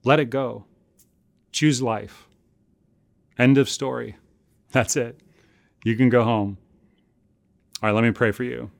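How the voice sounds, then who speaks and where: Male pastor, mid-pitched, earnest sermon delivery with emphatic repeats; dry, close recording. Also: fairly even intonation, gravelly, no echo. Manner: earnest, deliberate, with emphatic repetition.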